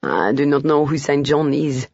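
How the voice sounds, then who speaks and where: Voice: mid-range voice, expressive, normal speed, creaky, a little mellow, no echo, dull audio. An audiobook narrator voicing an easygoing, gallant Frenchman with a French accent.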